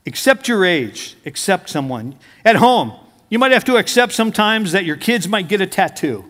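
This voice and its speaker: With a high, sing-song voice and a fairly bright tone, a middle-aged male pastor preaches at a moderate pace. He speaks conversationally, telling stories and turning aside to address the congregation, all with hall reverb.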